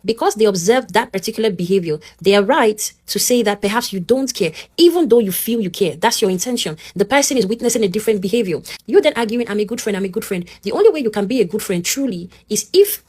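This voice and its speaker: A woman, talking casually and warmly as she teaches, often checking in with "okay?" and acting out both sides of an argument. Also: mid-range voice, expressive, brisk, slightly rough. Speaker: advice talk host. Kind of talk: casual advice talk.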